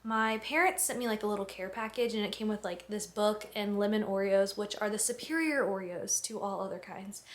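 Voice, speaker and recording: A woman's voice: medium pitch, brisk, hardly any pauses. A young woman in her twenties, a student, chatting casually to camera at home with lots of filler words and little laughs. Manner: chatty, many "like" fillers, giggly. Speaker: student vlogger. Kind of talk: casual vlog chat to camera. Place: home, kitchen and bedroom.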